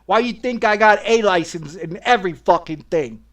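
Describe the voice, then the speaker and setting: Ranting furiously on stream, a middle-aged gamer swears constantly and circles back to the same complaints. He has a high, expressive, slightly bright voice and keeps a moderate pace.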